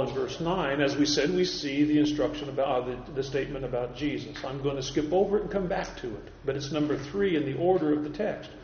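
High-voiced man preaching in an echoey hall. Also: darkish tone, a little hiss or hum. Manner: emphatic, quoting scripture, rising for stress. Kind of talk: expository Bible sermon. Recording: echoey hall, dull lo-fi sound.

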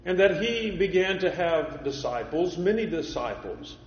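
Male preacher, slightly high voice, measured repetitive sermon delivery, reverberant church hall, dull lo-fi recording. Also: lively intonation, a little hiss or hum. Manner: measured preaching, repeats phrases for emphasis. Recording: echoey hall, dull lo-fi sound.

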